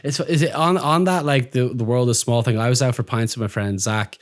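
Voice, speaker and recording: A man's voice: medium pitch, fairly even intonation, a little fast. An Irish man hosting a podcast interview, chatty, laughing often and swearing casually. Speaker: podcast host.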